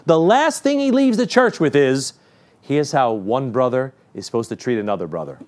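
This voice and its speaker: A man's voice: mid-range voice, big pitch swings, normal speed, darkish tone. A male preacher giving a midweek sermon, quoting scripture with emphasis and dropping joking asides.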